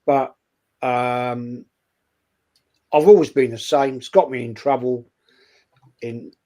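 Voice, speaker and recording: A man's voice: medium pitch, steady tone, slow, warm tone. A man, chatting bluntly and without filter as a co-host on a casual football stream. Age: 60s. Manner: blunt, unfiltered, speaks his mind. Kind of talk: casual chat.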